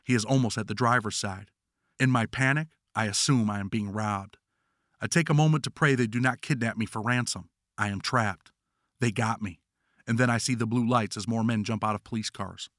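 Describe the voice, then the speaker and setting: A man reading his own first-person memoir in a somber, measured scripted narration. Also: fairly low pitch, fairly bright tone, no room sound, clean studio sound.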